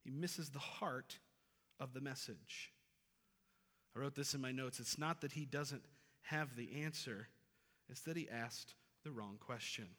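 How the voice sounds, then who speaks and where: A man's voice: medium pitch, a little slow, pauses often, fairly bright tone. A man in his thirties preaching a sermon as pastor in a church, earnest and emphatic, repeating key phrases. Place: church sanctuary. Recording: reverberant hall.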